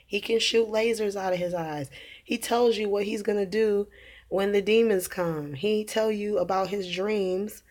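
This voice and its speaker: A woman's voice: mid-range voice, fairly even intonation, a little slow, a little mellow. Rambling woman preaching casually. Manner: rambling, many fillers and restarts, laughs at her own jokes. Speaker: religious vlogger.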